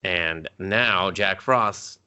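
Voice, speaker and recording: A man's voice: sits low, extremely slow, bright, forceful tone, clear, resonant tone. A man co-hosting a casual movie review show, swearing a lot, mocking and laughing often. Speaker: podcast co-host.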